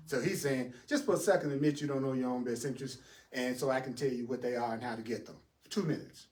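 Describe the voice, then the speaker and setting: A man teaching a spiritual class in an animated way, asking rhetorical questions, answering them himself and chuckling often. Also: medium pitch, fast talker. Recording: roomy sound from a distant mic.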